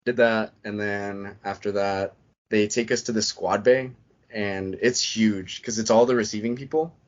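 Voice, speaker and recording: On a podcast, a man who served in the Marines tells his story as a guest, rambling casually and dropping in many "I'm like" remarks. He speaks unhurriedly, with a fairly low pitch and a steady tone, over dull, lo-fi sound.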